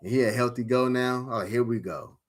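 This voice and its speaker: Over some background noise, a man with a mid-range voice briskly recounts a fantasy football draft. As a league member he swears, rambles, and bursts out often, animated and heavy on filler words.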